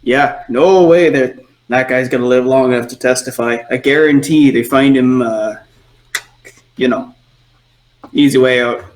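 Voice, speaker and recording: A man voicing an older, rough-shaven male tavern regular who gossips matter-of-factly. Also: mid-range voice, measured pace, pauses often, lightly acted. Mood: gossipy.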